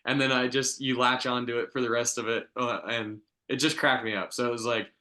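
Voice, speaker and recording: A man's voice: mid-range voice, level tone, brisk, bright, forceful tone. A man co-hosting a podcast, chatting casually in a rambling way full of fillers and chuckles. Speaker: podcast co-host. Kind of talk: casual review chat.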